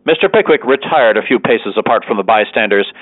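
Guy reading an old novel aloud, really lively voice, tinny radio sound. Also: fairly low pitch, fairly quick, dry recording. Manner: animated, doing character voices. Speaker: narrator. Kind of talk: expressive storybook reading. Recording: tinny dry radio broadcast.

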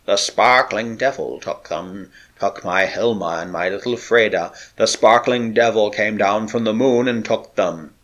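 A man croaking as a crazed giant Norse sailor. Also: fairly low pitch, a little slow, hardly any pauses, a bit bright, dull audio. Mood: haunted. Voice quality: thick, lifeless croak.

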